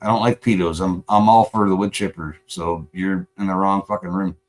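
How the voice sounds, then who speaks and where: A man's voice: low voice, fairly even intonation, moderate pace. A man hosting a live stream, angrily and profanely confronting a chat commenter, sarcastic and combative. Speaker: livestream host.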